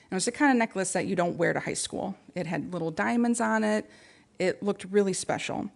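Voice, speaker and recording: A woman's voice: medium pitch, fairly quick, gravelly. A woman giving an earnest, reflective talk to a spiritual community, telling personal stories. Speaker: guest speaker.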